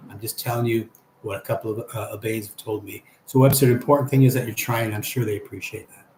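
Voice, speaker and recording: Reading chat messages aloud and then answering them, this older livestream host keeps things casual. He has a medium pitch with a slightly mellow tone, recorded in an echoey room with a faint hum behind him.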